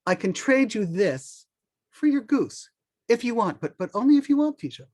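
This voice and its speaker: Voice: medium pitch, sing-song, normal speed, darkish tone, pitched above the performer's own voice. A storyteller doing a wheedling market merchant. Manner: coaxing, wheedling. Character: scheming market merchant, mock-generous.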